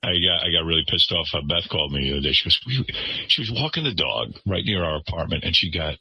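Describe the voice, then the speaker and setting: Casting: low-voiced, very husky man, rambling radio host, dull lo-fi broadcast sound. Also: animated, fast, no room sound. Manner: rambling, hesitant, with many restarts. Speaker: radio host in an archive clip. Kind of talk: radio talk-show storytelling.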